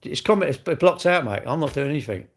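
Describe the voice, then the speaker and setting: A man's voice: fairly high pitch, animated, quick pace, husky. A man hosting a casual livestream, talking in an exasperated, rambling way and repeatedly calling the viewer "mate". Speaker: livestream host.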